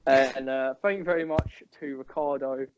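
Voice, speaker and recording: A young man, co-hosting a casual podcast chat with loud, slangy, swearing banter. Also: mid-range voice, fairly even intonation, normal speed, a little hiss or hum. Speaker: podcast co-host. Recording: dull lo-fi sound.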